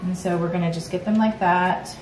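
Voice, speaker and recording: A woman's voice: lowish voice, brisk. Chatty woman cooking in an echoey room. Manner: chatty and playful, talks straight to the viewer. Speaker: cooking show host. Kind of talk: casual cooking demonstration. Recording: echoey room, mic at a distance, steady background hum.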